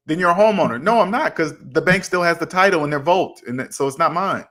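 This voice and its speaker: Animated man acting out both sides of a chat. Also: on the high side, fairly quick. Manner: animated, acts out both sides of imagined conversations. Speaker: finance channel host. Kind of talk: casual livestream talk answering chat.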